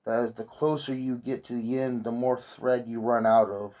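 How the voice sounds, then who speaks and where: A man's voice: mid-range voice, little pitch movement, moderate pace, dark tone. A man vlogging while he sews, telling a meandering story in an offhand way and swearing casually.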